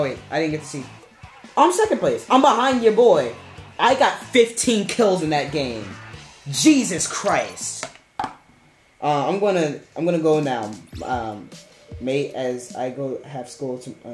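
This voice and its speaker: A male streamer chats loosely over his gameplay, his voice lively and jumping around in pitch as he rambles and jokes. The room has a roomy echo, and faint game music plays underneath. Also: a little slow. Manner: rambling and playful, chanting "garbage" in sudden high squeals. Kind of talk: casual live-stream commentary while gaming.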